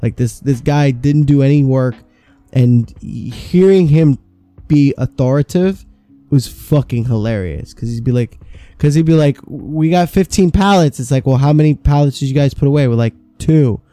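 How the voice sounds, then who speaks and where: Mellow-voiced man telling profane stories. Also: mid-range voice, normal speed, dry recording, faint music behind. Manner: profane, rambling, animated storyteller. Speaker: podcast co-host. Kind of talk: casual storytelling chat.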